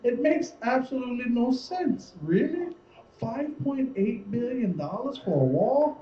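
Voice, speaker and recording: A man's voice: very high voice, lively intonation, a little slow, a little hiss or hum. A man doing a stand-up comedy set on stage, rambling and swearing as he acts out other people's lines. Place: comedy show stage before a live audience. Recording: distant, roomy, muffled live-show recording with crowd.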